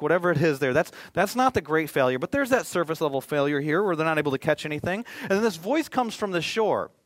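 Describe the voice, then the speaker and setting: A man's voice: a little high, no echo. A male pastor preaching a sermon in a conversational way, with joking asides.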